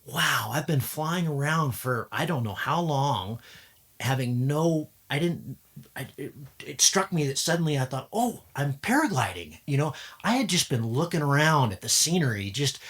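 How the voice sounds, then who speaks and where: A man hosting a podcast, telling a paragliding story in a casual, animated, self-mocking way. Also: fairly high pitch, moderate pace. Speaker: podcast host and paraglider pilot.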